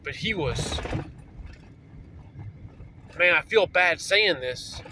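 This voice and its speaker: Man, rambling profane storyteller, higher pitched, bright voice, faint outdoor noise behind, parked vehicle. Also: animated, drawn-out words, poor audio. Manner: rambling, profane, full of fillers. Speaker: vlogger. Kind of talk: casual storytelling.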